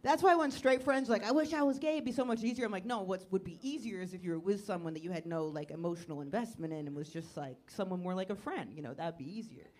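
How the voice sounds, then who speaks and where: A woman comedian on a club stage, doing crowd work and a stand-up set in a neurotic, self-deprecating way, breaking into loud mock panic. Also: on the low side, fast, few pauses. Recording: live club recording with audience noise.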